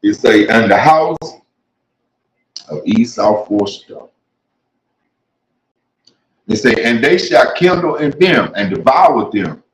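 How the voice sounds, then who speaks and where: A man's voice: mid-range voice, expressive, takes it slowly, pauses often. A man preaching in a casual, slangy way, reading scripture aloud and then talking it over. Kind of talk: casual street-style Bible teaching. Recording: echoey room.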